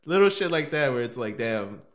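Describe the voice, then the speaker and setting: Animated, swearing man telling a story. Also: medium pitch, normal speed, a loud crowd. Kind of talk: casual podcast chat.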